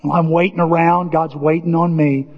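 A male pastor preaching a storytelling sermon, conversational and animated, acting out bits of dialogue. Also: on the high side, normal speed. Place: church sanctuary. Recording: dull lo-fi church hall recording.

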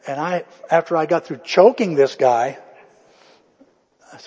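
A man's voice: on the high side, normal speed, darkish tone, breathy edge, big-room sound, dull audio. A male pastor preaching a sermon in a conversational storytelling way, acting out the quotes.

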